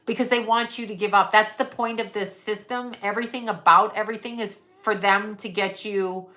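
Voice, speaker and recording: On her casual live chat, a middle-aged host talks fairly quickly in a mid-range voice that's steady, bright, and forceful. She airs grievances bluntly, with profanity, and reads comments from viewers aloud.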